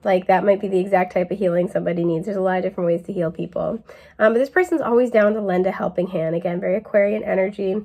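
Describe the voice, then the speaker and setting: A woman's voice: medium pitch, steady tone, fast. Laid-back woman reading tarot cards. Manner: chatty and laid-back, many fillers, laughs often; puts on a mellow drawl for quoted phrases. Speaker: tarot card reader. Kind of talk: casual pick-a-card tarot reading.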